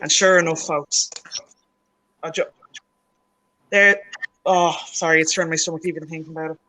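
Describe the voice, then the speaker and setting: A woman comedian telling a deadpan story over a video call and laughing at her own jokes. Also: low voice, moderate pace, poor audio.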